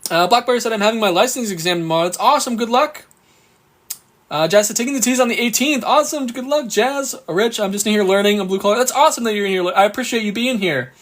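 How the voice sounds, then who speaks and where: A man with a high, fairly bright voice teaches exam prep on a live stream. Cheerful and upbeat, he takes the questions one by one, reads them slowly, and thanks viewers often, while dealing with a bout of hiccups.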